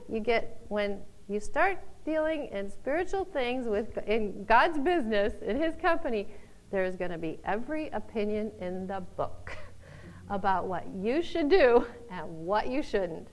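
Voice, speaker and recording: A woman teaching from the Bible in an informal talk, laughing often and acting out the people she quotes in loud voices. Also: mid-range voice, lively intonation, measured pace, poor audio.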